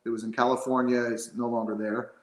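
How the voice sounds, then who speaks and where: A man's voice: mid-range voice, flat delivery, fast, reverberant, poor audio. A man chatting casually as a guest, rambling with lots of fillers and restarts. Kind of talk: casual chat.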